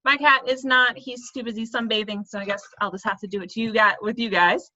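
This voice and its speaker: A woman's voice: on the high side, steady tone, brisk, bright, forceful tone, dull audio. A woman teaching a lesson for children, speaking playfully and laughing at herself when she stumbles over tongue twisters. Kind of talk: video lesson for kids.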